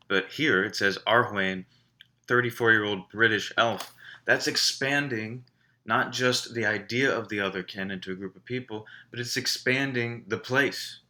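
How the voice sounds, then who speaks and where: A man teaching a writing class, walking students through a reading with measured explanations and rhetorical questions. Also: lowish voice, bright, forceful tone.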